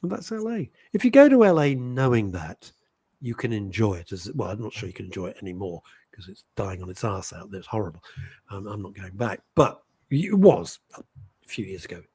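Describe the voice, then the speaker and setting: A man's voice: on the low side, a little fast, husky. A middle-aged Englishman hosting a talk show, telling stories in casual chat and acting out the voices of people he quotes. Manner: animated storytelling with mimicked voices.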